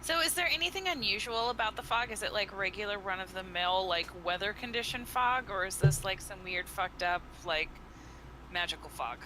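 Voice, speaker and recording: A woman's voice: medium pitch, normal speed, background noise. A woman player in a tabletop game who asks curious questions.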